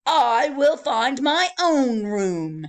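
Storybook role: woman reading as a cranky, demanding hotel guest, pitched high, slow and very lively. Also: heavily acted. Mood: indignant. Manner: indignant, loud demands. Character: grumpy fussy male hotel guest.

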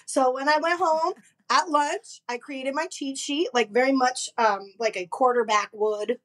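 A young woman, a podcast guest, telling a story in brash, profane, animated casual chat. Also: high voice, unhurried.

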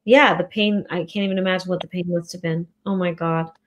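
A woman's voice: lowish voice, steady tone, fairly quick, highs cut off. Woman host, sympathetic, exclaims a lot between questions. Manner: empathetic, lots of exclamations. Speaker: interview host. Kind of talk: casual interview.

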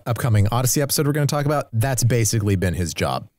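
A man's voice: mid-range voice, lively intonation, very fast, a little mellow, no echo, studio quality. A man chatting as a podcast guest, sardonic and swearing freely. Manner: profane, sardonic. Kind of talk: casual podcast chat.

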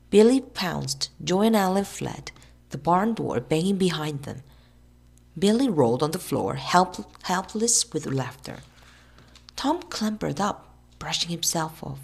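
A woman reading a children's novel aloud in an expressive, lively way. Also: lowish voice, measured pace, creaky, husky. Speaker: storybook reader.

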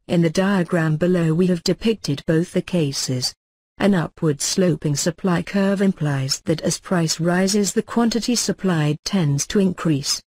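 A man reading economics lecture notes aloud as a lecturer, in a measured, formal textbook delivery. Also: sits high, a little mellow, dry recording.

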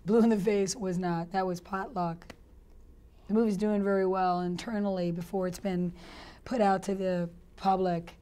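Chatty actress with a mellow voice. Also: female voice, mid-range voice, moderate pace. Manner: chatty, animated, laughs often. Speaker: actress, interview guest. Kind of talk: casual interview storytelling.

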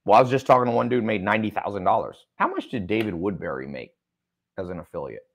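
A fast-talking man with a lowish voice and big pitch swings hosts a livestream, reading viewer comments and joking around; slight background noise is audible. He's an online business mentor in a studio with a sound engineer.

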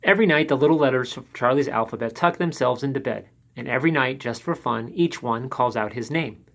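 A man reads a children's picture book aloud as the storyteller. His delivery is lively and expressive, a read-aloud voice for young listeners. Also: medium pitch, fairly quick, gravelly.

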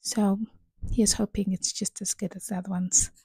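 A woman hosting a reaction video, relaxed and chatty. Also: mid-range voice, moderate pace, breathy edge, dry recording, low-quality recording. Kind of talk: casual reaction commentary.

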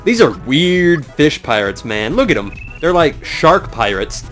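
American man, let's play commentary, self-mocking, lively voice, faint game music. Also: on the high side, measured pace. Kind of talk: casual video game commentary.

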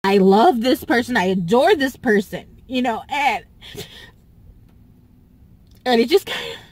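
A woman with a high voice talks straight to camera in a personal vlog. She is tearful and speaks slowly, stopping, restarting and repeating whole phrases as she goes. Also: expressive, darkish tone, no echo. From Southern US. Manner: halting, repeats herself, restarts often. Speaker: YouTuber.

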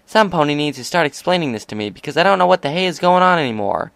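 A man's voice: mid-range voice, animated, fairly quick, gravelly, clean tone, dry recording, voice pushed up. A man reading aloud and voicing a brash, hot-headed young female pegasus pony. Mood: indignant. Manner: brash, confrontational, loud.

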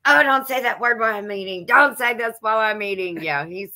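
A woman's voice: on the high side, a little fast, sharp tone. A woman co-hosting a homestead livestream in casual chat, laughing often as she talks. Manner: giggly, laughs often while talking.

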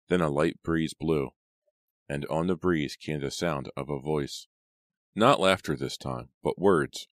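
A man reading a horror audiobook aloud in a dramatic, measured way. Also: extremely low pitch, dry recording, clean studio sound. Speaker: audiobook narrator. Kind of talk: scripted narration.

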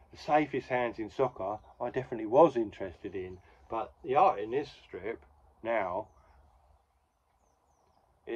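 A man's voice: fairly low pitch, husky, highs cut off. Wry man retelling comics. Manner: wry, conversational, full of asides. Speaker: comics podcast host. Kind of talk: casual retelling of a comic strip.

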